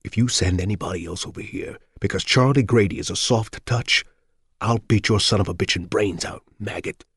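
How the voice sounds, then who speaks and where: A gruff, threatening cop, crude and menacing, played by a male narrator. The voice sits very low and dark, close to the narrator's own. It is dry and close. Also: moderate pace, no echo.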